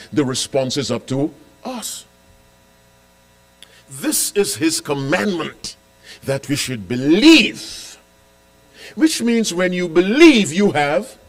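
Speaking in a slightly high voice, a pastor delivers a sermon, questioning the congregation and repeating important lines. He alternates booming, emphatic statements with soft asides.

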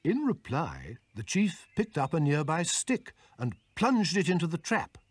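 A man reading scripted storybook narration in a lively, expressive way. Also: on the high side, a little slow, slightly rough, no echo.

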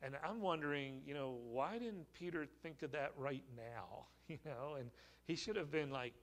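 A male pastor preaching a sermon in a church, telling the story in a relaxed, conversational way with light humor. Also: fairly high pitch, normal speed. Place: church sanctuary.

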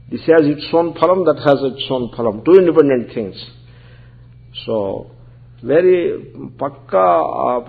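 Swami lecturing on scripture, gravelly voice, patient and explanatory, thin phone-like sound. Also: male voice, on the high side. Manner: conversational, explanatory, peppered with Sanskrit terms. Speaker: Vedanta teacher, swami. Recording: tinny phone-like recording.

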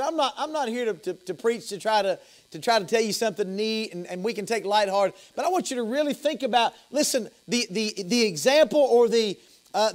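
A man with a Southern US accent preaching an evening sermon as pastor, impassioned, repeating and restarting phrases. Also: extremely high pitch. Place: church sanctuary.

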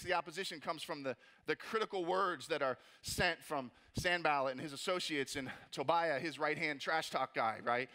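Guy preaching in a church, high voice, super animated and joking around. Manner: animated, jokey, acts out mocking voices. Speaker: pastor. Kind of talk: energetic sermon. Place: church auditorium.

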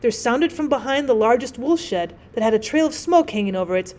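A woman teacher narrating a classic short story as an audiobook, with clear, measured storytelling. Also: fairly high pitch, lively intonation. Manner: clear, measured storytelling with gentle voices for characters.

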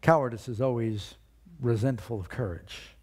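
Male pastor, sermon, animated storytelling, asks the congregation questions, mellow, husky. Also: medium pitch, normal speed.

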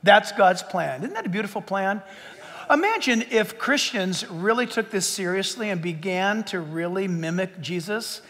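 A man preaching a sermon as pastor, emphatic and swinging between loud and hushed. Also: high voice, lively intonation, moderate pace. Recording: long hall reverb.

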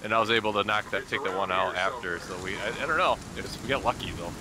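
A man's voice: on the low side, fast, crowd noise. A man co-playing a game, trading dry, mock-grumpy banter. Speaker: co-player. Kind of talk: casual gameplay chat.

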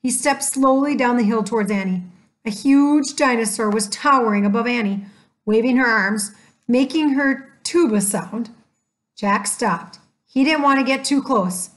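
A woman narrating a children's chapter book aloud in a gentle, measured way. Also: on the high side. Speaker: storyteller. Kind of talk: scripted storybook narration.

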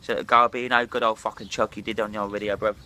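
Man, hungover, swearing, rambling vlog rant, sharp voice, faint hiss behind. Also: fairly low pitch, flat delivery, quick pace. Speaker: drinking vlogger. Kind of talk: ranting vlog monologue.

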